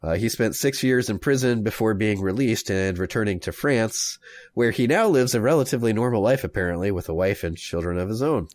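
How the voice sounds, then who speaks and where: A man co-hosting a casual comedy podcast, telling a story in a rambling, jokey way and acting out people in quick voices. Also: on the low side, expressive, no room sound.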